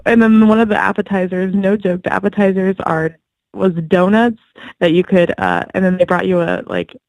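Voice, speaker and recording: A woman's voice: mid-range voice, steady tone, normal speed, darkish tone, dry recording, poor audio. A woman being interviewed as a guest, chatty and giggly, peppering her talk with "like" and "you know". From United States. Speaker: guest, professional wrestler. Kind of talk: casual phone-in interview.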